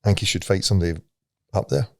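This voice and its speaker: Scottish guy on a podcast, swears a lot, low gravelly voice. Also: rapid-fire, no echo, studio quality. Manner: swears freely, laughs at his own stories. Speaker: podcast co-host. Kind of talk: casual chat.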